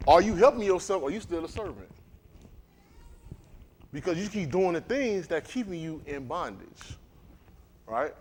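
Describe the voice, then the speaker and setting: A man's voice: high-pitched, unhurried, pauses often, slight background noise. A man preaching a livestreamed sermon in a conversational way, often putting questions to the congregation. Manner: animated, conversational, quizzes the congregation.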